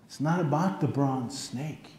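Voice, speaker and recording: Emphatic preacher in an echoey church. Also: male voice, medium pitch, measured pace, darkish tone, slight background noise. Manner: emphatic preaching, repeats phrases for stress. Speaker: pastor. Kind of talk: sermon. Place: church sanctuary.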